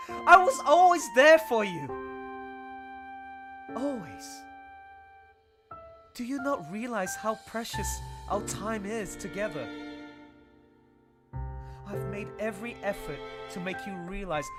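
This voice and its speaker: A man's voice: high-pitched, expressive, slow, pauses often, voice pushed up. A man voicing a tender young female rabbit, improvising an earnest love confession in a pleading voice. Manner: earnest, pleading, ad-libbed dramatic. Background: emotional music.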